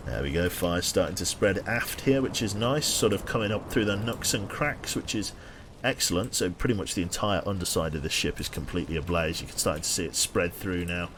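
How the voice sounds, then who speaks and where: Low-voiced sardonic male game streamer. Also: a little fast, background noise. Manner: dry, sardonic play-by-play, swearing casually. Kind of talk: live gameplay commentary to chat.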